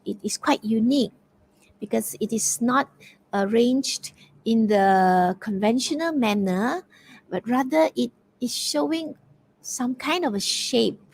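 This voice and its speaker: A woman's voice: high-pitched, creaky, a little mellow, low-quality recording. A woman with a Malaysian English accent, leading an online poetry quiz as teacher, encouraging and praising answers with many fillers and restarts. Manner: filler-heavy, hesitant restarts. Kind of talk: interactive online workshop talk.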